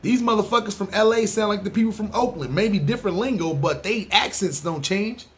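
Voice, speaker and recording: Male podcast host, NYC accent, slightly high voice, loose profane street monologue. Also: a little fast. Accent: New York City. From New York City. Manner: animated, profane street talk. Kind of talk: casual monologue ranking places.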